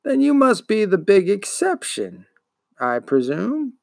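Grumpy old bookshop man , a guy putting it on, gruff n gravelly, kinda high, dry sound. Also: huge pitch swings, dry recording, full character voice. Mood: sarcastic. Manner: growling, disdainful, slow and grumbling. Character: gruff grumbling old male bookseller, pipe-smoking, curmudgeonly.

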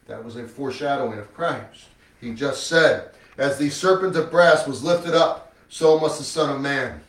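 A man preaching a sermon and reading scripture, with emphatic rhetorical questions, swinging between loud and hushed. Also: on the high side, moderate pace. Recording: echoey room, mic at a distance.

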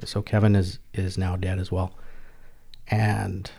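Middle-aged man, very deep voice, monotone delivery, halting and plain-spoken. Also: gravelly. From Canada. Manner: halting, repeats and restarts words, plain-spoken. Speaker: guest, military veteran. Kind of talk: personal storytelling in a podcast interview.

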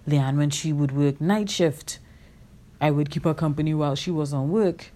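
A woman hosts her own podcast and shares a personal story in a candid, reflective monologue. Her voice sits low and sounds warm and mellow. She often pauses on fillers and corrects herself mid-sentence. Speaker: podcast host.

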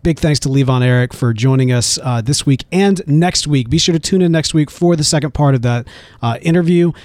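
Brief: American male podcast co-host, easygoing and chatty, slightly higher voice, dry studio sound. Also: fairly quick, a little mellow, no room sound. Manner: laid-back, says "man" a lot. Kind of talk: casual podcast chat.

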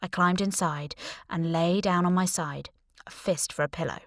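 A woman narrating a first-person audiobook with wry, deadpan humor and hushed asides. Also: on the low side, moderate pace, no room sound, studio quality.

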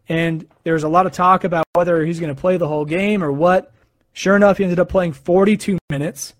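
A man's voice: fairly high pitch, no echo. A young man from the United States talking casually and rambling to a live audience, with fillers and self-corrections. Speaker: live stream host. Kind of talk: casual sports chat.

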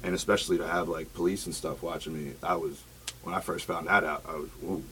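A man's voice: sits low, fairly even intonation, fast talker, a bit bright, a little hiss or hum. A man speaking in a casual group chat as the guest, rambling through a story with lots of fillers.

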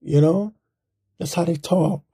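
A man's voice: a little high, unhurried, mellow, husky, dry recording, studio quality. A man giving a casual, rambling political opinion monologue in a blunt, mocking manner. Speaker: political commentator.

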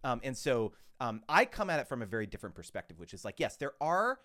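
A man talking as a podcast guest in casual conversation, animated and acting out quoted dialogue with lots of fillers. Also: mid-range voice, fast.

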